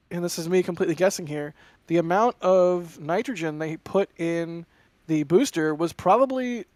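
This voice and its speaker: High-voiced man riffing as co-host. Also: a little mellow, no room sound. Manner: rambling, punning, hedges his guesses. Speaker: stream co-host. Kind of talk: casual live commentary.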